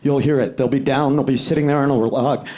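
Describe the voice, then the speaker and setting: A man from the United States performing a stand-up comedy set, telling stories loudly and shouting suddenly at times. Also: medium pitch, brisk. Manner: loud, animated storytelling with sudden shouts. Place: live comedy venue with audience. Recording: live show with crowd noise.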